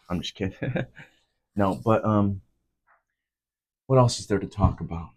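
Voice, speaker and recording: A man's voice: unhurried, slight background noise. A man in his twenties, hosting a solo podcast from home. He rants casually, swears constantly, and his voice jumps up sharply when he gets worked up. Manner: profane, heated ranting with sudden jumps up in pitch. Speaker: podcast host.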